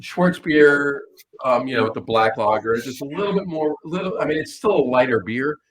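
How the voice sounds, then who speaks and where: A man's voice: mid-range voice, a little fast, crowd noise, low-quality recording. A man co-hosting a podcast, talking loosely and at length in a casual chat over beers. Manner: loose, rambling list-making. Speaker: podcast co-host.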